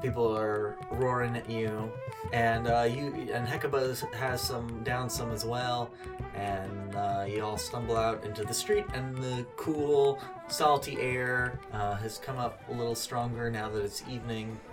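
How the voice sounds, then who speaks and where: A man's voice: medium pitch, steady tone, unhurried. A man narrating a tabletop game as game master, rambling with many fillers. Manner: loose, rambling, lots of fillers. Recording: far from the mic with music behind.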